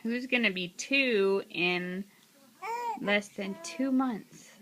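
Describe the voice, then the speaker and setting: A woman's voice: mid-range voice, drawn-out words, bright, forceful tone. A mother chatting with her toddler in coaxing, sing-song baby talk, asking playful questions. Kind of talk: home video baby talk.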